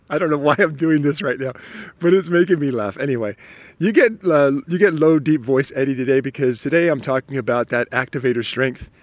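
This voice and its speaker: A man's voice: mid-range voice, no echo. A man hosting a solo motivational podcast, upbeat and chatty, with a slight cold and frequent restarts. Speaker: podcast host.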